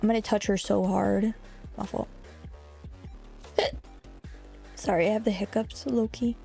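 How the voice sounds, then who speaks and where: Excitable young woman streamer chatting. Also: medium pitch, unhurried, gravelly, soft background music. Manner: excitable, chatty, swears, teases chat. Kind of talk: casual live-stream chat.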